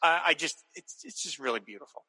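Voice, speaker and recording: Bright-voiced enthusiastic man in a reverberant room. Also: fairly high pitch, animated, a little fast, breathy edge. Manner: enthusiastic, rambling with restarts, laughs often. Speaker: podcast co-host. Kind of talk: casual chat recapping a TV episode.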